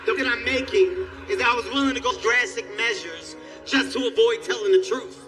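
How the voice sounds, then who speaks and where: High, bright-voiced stand-up comedian. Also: male voice, a little fast, recorded from a distance, soft background music. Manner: animated storytelling, acts out characters, yelling bits. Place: theater stage before a live audience.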